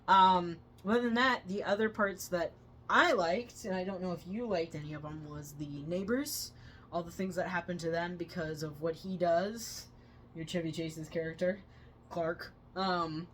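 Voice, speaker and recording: A woman co-hosting a movie review channel, retelling scenes with loud excited quotes. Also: on the low side, a little hiss or hum. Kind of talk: casual movie review chat.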